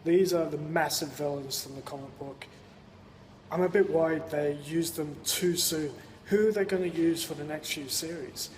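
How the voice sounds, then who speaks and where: An Australian man speaks in a chatty, upbeat way, sounding tired but friendly. His voice sits a bit high. It comes from a casual home video with a long echo and a faint hiss behind it. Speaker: viewer sending a video question.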